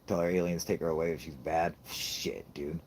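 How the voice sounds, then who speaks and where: A man's voice: very deep voice, steady tone, normal speed, a little mellow, slight background noise. A man ranting about his toddler in a casual chat, swearing constantly and laughing at his own jokes. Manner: profane, laughing, rambling comic rant. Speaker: podcast host.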